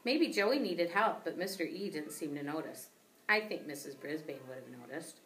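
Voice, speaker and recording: A woman teacher reading a children's book aloud with expressive storytelling. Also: low voice, moderate pace, recorded from a distance, a little hiss or hum.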